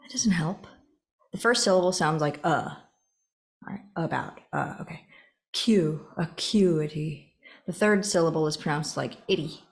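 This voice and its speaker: A woman's voice: low voice, normal speed. A young adult woman reading the openings of novels aloud, breaking off for chatty, self-mocking asides. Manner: chatty, laughs at herself, breaks off to comment. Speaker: book reader and channel host.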